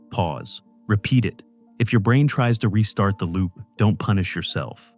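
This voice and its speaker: A man giving scripted psychology narration as a channel narrator, in a calm, measured and reassuring way. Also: on the low side, soft background music.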